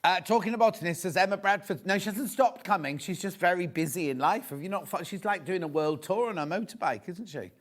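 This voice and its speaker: A man with a high-sitting voice talks a little fast, barely pausing, as he hosts a live shopping channel broadcast from a TV studio. He shows fabrics while chatting and gossiping with plenty of enthusiasm.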